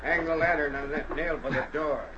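An actor playing a ruthless schooner skipper who barks gruff orders, in 1940s radio acting on a muffled, hissy old recording. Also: male voice, a little high, fairly even intonation, moderate pace, close to an everyday voice. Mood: commanding.

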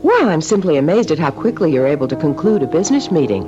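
A sarcastic, needling wife. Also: female voice, low voice, sing-song, quick pace. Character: sharp-tongued, sarcastic middle-aged businessman's wife. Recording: dull old radio drama recording with music.

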